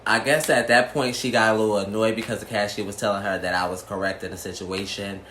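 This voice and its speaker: A man's voice: on the low side, fairly even intonation, quick pace, a bit bright. A man vlogging a storytime, sassy and blunt, swearing freely. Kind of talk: storytime vlog. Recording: roomy echo, faint background noise.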